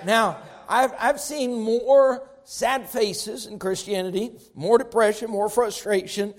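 A man's voice: high-pitched, steady tone, takes it slowly. A man pastor preaching a sermon, with emphatic rising bursts, repeated phrases.

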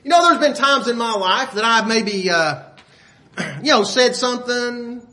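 High, bright-voiced male preacher. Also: lively intonation, a little slow. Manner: folksy, asks listeners rhetorical questions; often clears throat. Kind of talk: sermon.

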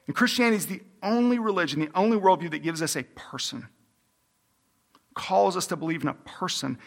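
A pastor preaching a sermon, emphatic and repeating key phrases for stress. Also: male voice, fairly high pitch, fairly quick, gravelly, fairly bright tone, big-room sound.

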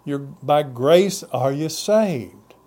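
Here a pastor preaches, his scripture reading couched in antique wording; key words climb in pitch while phrase endings drop low. He is animated yet extremely slow, with a warm tone.

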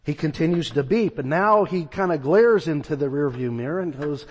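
In a sermon that rings with a large hall's long reverb, an animated man speaking at normal speed narrates a story and plays out each voice in it. His pitch is a little high.

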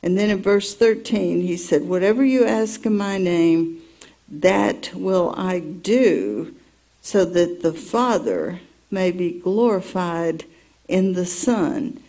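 A woman's voice: on the low side, dark tone. A woman teaching from the Bible, reading the passage aloud and telling her own story around it in an earnest way. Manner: slow, earnest storytelling with personal asides.

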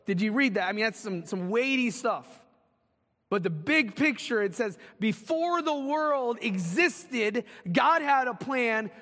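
A man preaching a sermon as pastor, swinging from loud, urgent calls to hushed, slow lines. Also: extremely high pitch, lively intonation, long reverb tail.

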